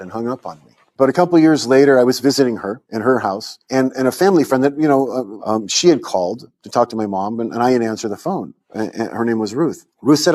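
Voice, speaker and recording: A man's voice: mid-range voice, animated, quick pace, few pauses, a little mellow. A man in an interview, telling his own life story and acting out the voices of people he quotes. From United States. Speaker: interviewee, convert to Islam. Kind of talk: personal testimony in an interview.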